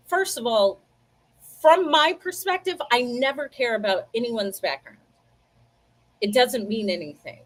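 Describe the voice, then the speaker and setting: An American woman hosts a livestream, speaking straight to her viewers in a chatty, animated storytelling style. Her voice is a little higher than most women's, and she talks at an unhurried pace through a computer mic.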